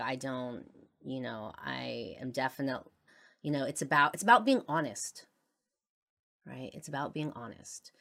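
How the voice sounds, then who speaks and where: Low-voiced woman, halting confessional podcast talk. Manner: halting, many fillers, trails off quietly. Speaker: podcast host. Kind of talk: personal confessional monologue.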